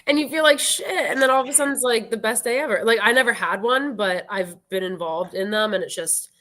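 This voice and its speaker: A woman's voice: fairly high pitch, fairly quick, fairly bright tone, a little hiss or hum. A woman in her twenties, a guest on a show, chatting casually and filling her sentences with "like.". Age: 20s. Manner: chatty, full of "like" fillers. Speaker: guest musician. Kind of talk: casual birthday chat.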